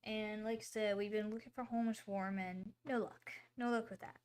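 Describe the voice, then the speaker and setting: A woman chats casually as she hosts her own livestream, wandering from thought to thought. Her talk is full of fillers and quick apologies, and her voice sits at an ordinary, middle pitch. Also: fairly even intonation, a little mellow, clear, resonant tone. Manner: rambling, chatty, with many fillers and apologies. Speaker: livestream host.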